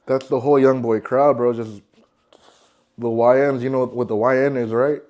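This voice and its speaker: A man's voice: mid-range voice, fairly even intonation, moderate pace, darkish tone, lo-fi sound. Slangy guy who says "bro" a lot. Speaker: podcast host. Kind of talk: casual chat.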